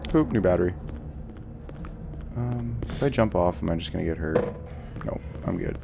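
A young man commenting on his gameplay, swearing and ranting in frustration between quieter muttering. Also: deep voice, expressive, moderate pace, vocal fry, heavy background noise. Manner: angry, swearing, frustrated outbursts. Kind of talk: let's play commentary.

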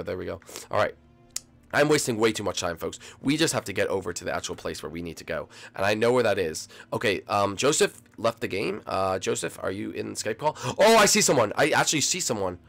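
A teenage young man giving excitable gameplay commentary to his viewers, dropping to a mumble and then bursting into yells. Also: fairly low pitch, creaky. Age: late teens. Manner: excitable, swings from mumbling to yelling; addresses viewers as folks. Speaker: gaming video host.

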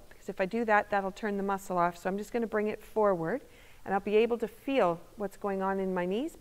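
Calm female movement instructor, mid-range voice, demonstrating as she explains; recorded with a lingering hall echo. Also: mid-range voice. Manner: calm, step-by-step demonstrating while speaking. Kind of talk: guided exercise instruction. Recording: long reverb of a hall.

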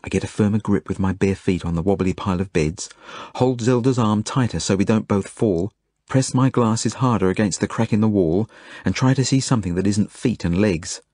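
A man reading his own novel aloud as a first-person audiobook, earnest and measured. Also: fairly low pitch, dry recording, studio quality. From Australia. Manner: earnest, measured, gentle storytelling.

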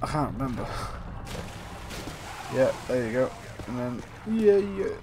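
A man's voice: medium pitch, big pitch swings, unhurried. A man casually commentating a video game, goofing around, humming nonsense and chatting to himself. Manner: goofy, sings and mutters to himself while playing. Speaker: gameplay commentator. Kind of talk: casual let's play commentary.

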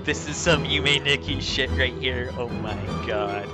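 A man's voice: mid-range voice, unhurried. A man playing a text adventure game, reading the story aloud and laughing and swearing at it in casual commentary. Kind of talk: casual let's play commentary. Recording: clear background music.

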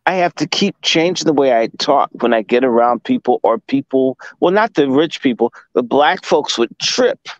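A man's voice: mid-range voice, lively intonation, moderate pace, hardly any pauses, no echo, highs cut off. A man from Washington, D.C., a guest commentator lecturing in emphatic, profane casual talk.

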